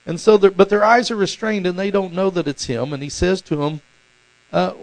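A man preaching a sermon as pastor, animated and acting out the voices in the stories he tells. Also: high voice, vocal fry, no room sound, low-quality recording. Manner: animated, acts out voices in quotes.

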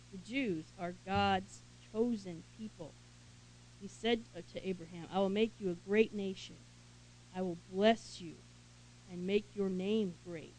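A woman leading a Bible study, reading scripture with emphasis and commenting in a relaxed, conversational way with small laughs. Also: a little high, a little hiss or hum, rough recording. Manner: reads scripture aloud emphatically, then comments in casual asides with small laughs.

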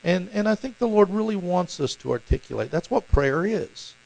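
Gravelly-voiced preacher with mains hum. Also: male voice, high-pitched, normal speed, low-quality recording. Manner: animated, acts out voices in quotes. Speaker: pastor. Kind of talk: sermon.

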